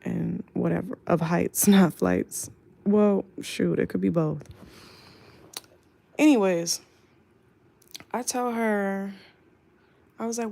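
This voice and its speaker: Chatty young woman with vocal fry. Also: on the low side, unhurried. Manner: chatty, animated, lots of "like". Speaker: flight attendant. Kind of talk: casual storytime.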